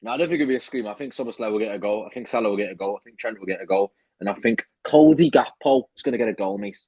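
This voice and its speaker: A young man on a fan panel, talking excitably in casual chat and stumbling over the start of his sentences. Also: lowish voice, racing, slightly rough, no room sound, rough recording. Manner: excitable, stammers when starting, slangy.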